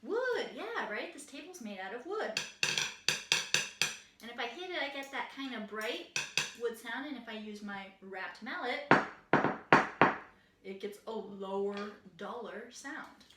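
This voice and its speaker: A woman's voice: on the high side, animated, a little slow, long pauses, very noisy. Woman teaching a kitchen music lesson. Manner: friendly questions to young listeners. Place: home kitchen. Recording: echoey kitchen, distant mic, loud clatter.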